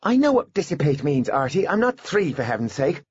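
A man's voice: a little high, very animated, a little fast, darkish tone, husky, no room sound, lo-fi sound, pitched above the performer's own voice, full character voice. A man voicing a precocious, pompous little boy genius who talks like a fussy know-it-all. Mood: smug.

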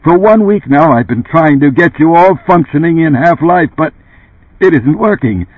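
A man reading an audiobook, voicing a heated, indignant middle-aged boss who pleads in loud, raised bursts. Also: a little high, animated, moderate pace, breathy edge, no room sound, voice pushed up. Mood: insistent. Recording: dry, tinny phone-like sound.

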